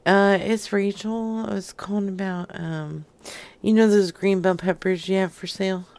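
A woman's voice: mid-range voice, steady tone, moderate pace, a little mellow. A woman hosting a podcast, making crude, sassy prank phone calls and laughing often. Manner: sassy, brash, laughs a lot. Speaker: prank-calling podcast host.

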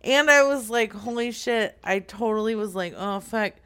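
A woman's voice: on the high side, normal speed, a bit bright, clean tone. A woman co-hosting a casual chat, giggling often, swearing freely and trailing off into mumbles. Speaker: podcast co-host.

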